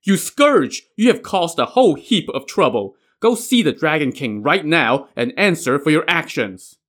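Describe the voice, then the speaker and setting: A man's voice: a little high, big pitch swings, normal speed, fairly bright tone, voice pushed up. A man voicing a worried middle-aged officer and father in a told myth, given to anxious, scolding outbursts. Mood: distraught.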